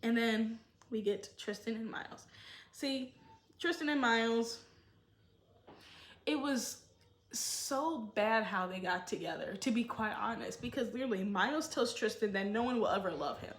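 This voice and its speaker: A woman's voice: a little high, normal speed. Opinionated woman in an echoey room. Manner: opinionated, animated, acts out quotes. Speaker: show commentator. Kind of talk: casual commentary.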